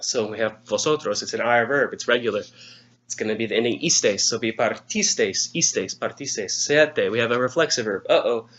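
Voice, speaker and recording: A man's voice: medium pitch, brisk, a bit bright, highs cut off. A male Spanish teacher patiently walking students through an exam review lesson, step by step.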